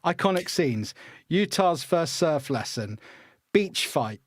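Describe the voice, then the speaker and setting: A man hosts a casual film podcast with a fairly high voice. He talks eagerly and often restarts his sentences, and the sound is dry and close to the mic. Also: expressive, takes it slowly, no echo. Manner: enthusiastic, stammers and restarts. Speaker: podcast host. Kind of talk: casual film-review chat.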